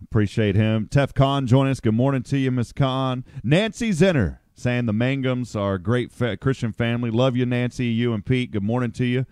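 A man's voice: mid-range voice, moderate pace, few pauses, a little mellow, clear, resonant tone, dry recording, clean studio sound. A man hosting a casual morning radio show, chatty and upbeat, greeting listeners by name.

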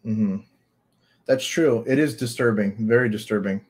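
A man's voice: on the low side, normal speed, darkish tone. A man giving blunt, profane reaction commentary on a video, piling up rhetorical questions.

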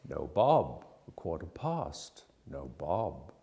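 Expressive slow-paced male storyteller. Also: very deep voice, creaky. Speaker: actor and narrator. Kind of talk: theatrical storytelling narration.

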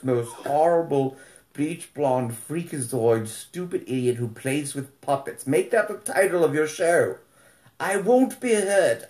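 A man hosting a casual live stream from his home studio, blunt and ranting, swearing freely and slipping into a high sing-song when he talks to his dog. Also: darkish tone, echoey room.

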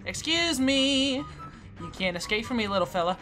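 Woman gamer teasing other players, bright voice that bounces all over, going from mumbling to squealing. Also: on the high side, expressive, normal speed, soft background music. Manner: playful taunting of other players, sing-song swings from hushed mutters to loud squeals. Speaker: gaming YouTuber. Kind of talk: gameplay commentary.

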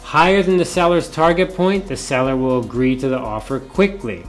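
A man's voice: fairly high pitch, expressive, fairly quick, hardly any pauses, soft background music. A male professor giving a classroom lecture, often repeating key points and asking rhetorical questions.

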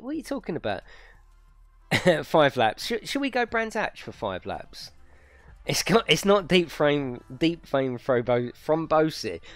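A man hosting a live racing stream from his home rig, chatting casually with viewers, swearing and exaggerating as he talks. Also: medium pitch.

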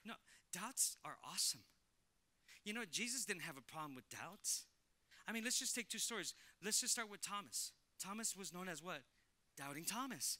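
A man preaching a sermon as pastor in a church, energetic, stammering repeats and acted-out quotes. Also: high-pitched, fairly quick. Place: church sanctuary.

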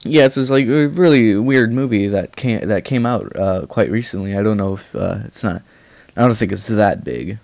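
A man's voice: fairly low pitch, lively intonation, normal speed, creaky, a little mellow, slight background noise. A man giving casual, rambling reaction commentary as a YouTuber, swearing often.

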